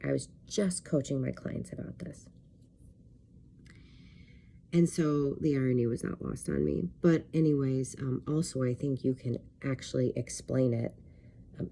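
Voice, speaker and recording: A woman speaks slowly and without hurry, her voice low and warm. It has a husky, slightly breathy grain. She is a life coach telling a personal story straight to camera, candid and rambling, with frequent fillers. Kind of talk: casual talking-to-camera vlog.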